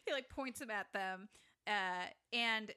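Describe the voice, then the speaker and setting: Bright-voiced woman recapping a movie. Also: mid-range voice, slow pace, clean tone. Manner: animated retelling, acts out lines from scenes. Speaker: podcast co-host. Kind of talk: casual movie recap chat.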